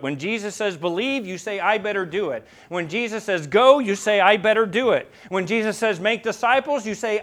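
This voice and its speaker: A fairly high-voiced man preaching a sermon with a lot of dynamic swing. He drops to a hushed, low delivery and then climbs to loud, emphatic peaks, often asking his listeners questions. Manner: asks the congregation rhetorical questions. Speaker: pastor.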